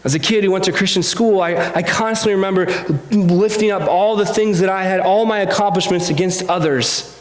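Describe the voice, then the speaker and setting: A man's voice: high-pitched, fairly even intonation, fairly quick. A man preaching a sermon in a church, earnest and confessional, often stumbling over repeated words. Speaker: pastor. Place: church sanctuary. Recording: echoey hall.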